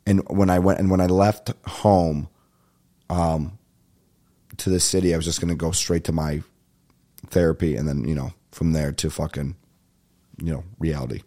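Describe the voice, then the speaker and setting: A man's voice: very deep voice, fairly even intonation, normal speed, pauses often, mellow. A young adult man casually telling a comic story on a podcast, ranting with lots of swearing and acting out the people he argued with. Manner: profane, ranting, acts out phone calls. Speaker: podcast host.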